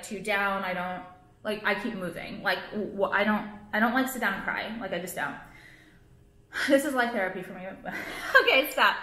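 A young woman chats straight to camera in a loose, rambling confessional style, swearing freely and padding with "like" and "you know". Her voice is bright and forward. The room around her rings with a noticeable echo. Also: medium pitch. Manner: rambling, frank, heavy swearing and fillers. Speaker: jewelry business owner and vlogger. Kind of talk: casual confessional vlog.

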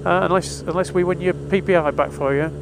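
Man doing a nagging telemarketer, falsely polite, repetitive, raised voice, loud traffic behind. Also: high-pitched, fairly even intonation, fairly quick, vocal fry, pitched above the performer's own voice. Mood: pushy polite. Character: pushy insistent telemarketer on a cold call.

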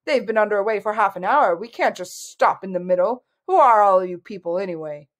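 A woman's voice: medium pitch, brisk, lightly acted. A woman voicing a pompous, easily annoyed dragon who speaks crossly and with indignation in a storybook reading. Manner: huffy and indignant.

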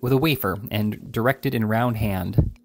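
A man voicing a cheeky young manservant who speaks in a brisk, colloquial way. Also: on the low side, a little mellow, slight background noise, close to an everyday voice. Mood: matter-of-fact. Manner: brisk, matter-of-fact, colloquial.

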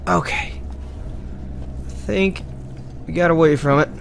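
Sarcastic cussing gamer dude, kinda high voice, talks real slow, faint hiss. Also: male voice, steady tone, gravelly. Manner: sarcastic, profane, talks to himself. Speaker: let's play host. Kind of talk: casual gameplay commentary.

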